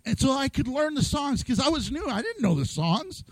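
A man's voice: extremely high pitch, sing-song, normal speed, no echo, low-quality recording. A man preaching a sermon in a playful way, acting out voices and laughing often. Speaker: pastor.

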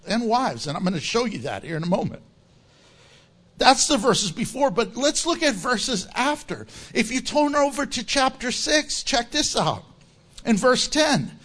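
A man preaches with bright energy, his voice sitting high for a man. He swings widely in pitch as he teaches. He slips in jokes and laughs along. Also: a little slow. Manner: animated, joking preaching with laughter. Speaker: pastor. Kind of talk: sermon.

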